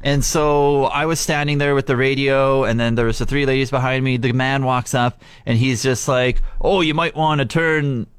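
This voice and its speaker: A young man co-hosting a casual radio show, chatting and telling stories in an animated way and laughing easily. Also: mid-range voice, normal speed, hardly any pauses, clean tone, no room sound. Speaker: radio co-host.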